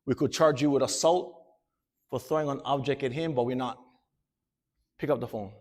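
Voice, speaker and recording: A man's voice: medium pitch, normal speed, a little mellow, close to an everyday voice. A man doing a stern school principal. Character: stern male school principal, firm and unmoved.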